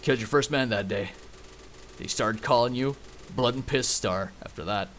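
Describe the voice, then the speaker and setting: A man voicing a grizzled cowboy narrator in a put-on Texan drawl, reading game narration slowly and low. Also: a bit bright, slight background noise, natural voice. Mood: grave. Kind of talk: game narration read aloud.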